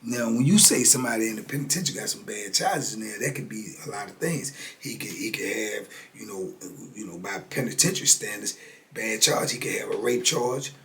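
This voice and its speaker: An older man from the United States telling a story in a casual, animated way, acting out the dialogue with street slang. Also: on the low side, brisk. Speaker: storyteller sharing prison experiences.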